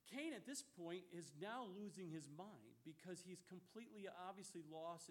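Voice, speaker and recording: A man preaching a sermon in an animated, emphatic way, mixing casual slang into his teaching. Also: sits high.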